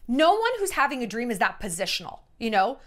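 A woman's voice: fairly high pitch, a little fast. A woman in her thirties talking to camera in a casual, sarcastic vlog, acting out quotes as she tells stories. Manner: chatty, sarcastic, animated quoting of others. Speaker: vlogger. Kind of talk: casual storytelling monologue.

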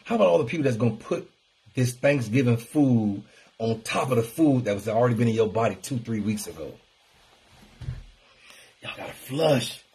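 A man hosting a casual motivational live stream in a preachy, animated, colloquial way. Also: medium pitch, normal speed, pauses often, breathy edge. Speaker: wellness talk host.

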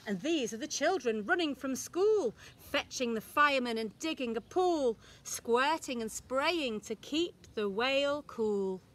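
Her voice sits high as the woman, an infant school teacher, reads a rhyming picture book aloud to young kids. The delivery is slow and sing-song, full of expression, with the rhymes given extra weight.

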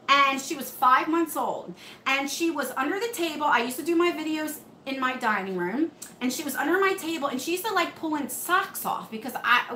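Woman, live-stream beauty host, chatty, bright voice, echoey home room. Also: high voice, slight background noise. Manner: chatty, reads and answers comments. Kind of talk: live stream chat with viewers. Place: home room under hot lights.

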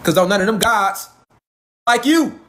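A man's voice: high-pitched, expressive, a little slow, a bit bright, slight background noise. A man giving a profane, preachy live stream lecture, firing off rhetorical questions. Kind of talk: impassioned live stream rant.

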